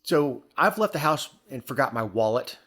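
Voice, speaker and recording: A man's voice: medium pitch, lively intonation, moderate pace, fairly bright tone. A man co-hosting a podcast, talking casually about the news with dry, wry asides and repeated words. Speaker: podcast co-host.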